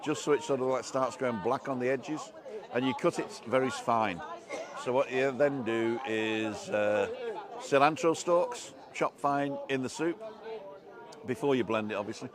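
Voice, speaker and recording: Man, live-stream host, casual chat, reads viewer comments, middle pitch, busy outdoor bar crowd behind. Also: a little slow. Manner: chatty, reading out viewer comments.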